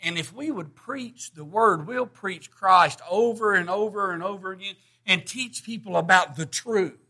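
A man's voice: high-pitched, moderate pace, pushed and bright. A middle-aged man preaching a sermon, folksy and plainspoken, rising to emphatic bursts.

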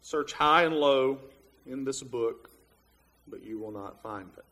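A man's voice: mid-range voice, slow pace, sharp tone. A man preaching a Bible lesson, reasoning through a verse step by step with frequent "uh"s and restarts. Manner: plain, reasoning step by step with many fillers. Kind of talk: Bible teaching sermon.

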